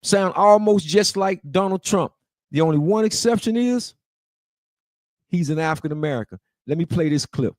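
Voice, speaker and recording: Guy hosting a show, preaching at you, a bit high-voiced, dry sound. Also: animated, moderate pace, no echo. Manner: preachy, rhetorical questions, emphatic repeats. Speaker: show host. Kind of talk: casual commentary monologue.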